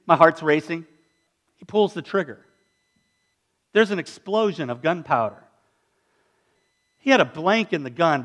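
A pastor preaching a sermon, telling stories dramatically and acting out the voices of the people in them. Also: male voice, a little high, fairly bright tone. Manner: dramatic storytelling, acts out voices.

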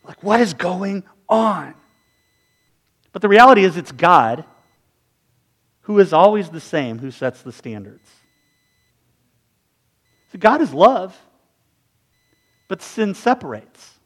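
A man in his forties with a notably high voice delivers a sermon. He talks in an animated, storytelling way and acts out the people he describes. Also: takes it slowly, pauses often. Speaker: pastor.

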